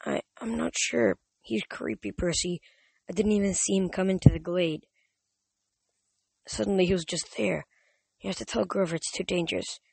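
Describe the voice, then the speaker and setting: A man's voice: high voice, moderate pace, gravelly, pauses often, a little mellow, slightly rough, no room sound, full character voice. A man voicing a nervous young female tree spirit in a storybook reading, hesitant and uneasy. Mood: worried.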